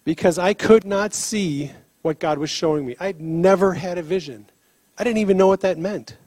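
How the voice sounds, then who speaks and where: Male preacher, high-pitched, lively storyteller, dry close sound. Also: normal speed, no room sound. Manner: animated storyteller, laughs often, acts out dialogue. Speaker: preacher on healing ministry. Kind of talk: sermon with storytelling.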